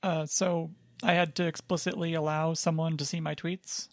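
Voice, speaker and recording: A podcast co-host chatting casually in a rambling, hedging way, with a dry, deadpan humor. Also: mid-range voice, moderate pace, dry recording. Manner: rambling, hedging, filler-heavy. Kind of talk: casual chat.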